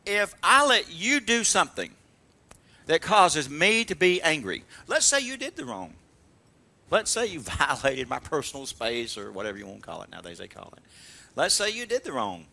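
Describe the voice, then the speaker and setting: A male pastor preaching a sermon in animated storytelling with call-and-response, often laughing as he tells stories. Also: fairly high pitch, creaky. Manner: laughs while telling stories.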